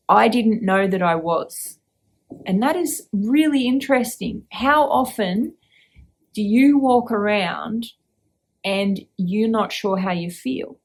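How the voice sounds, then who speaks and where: A woman hosting a reflective podcast, gently asking the listener questions and guiding a check-in. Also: mid-range voice. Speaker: podcast host.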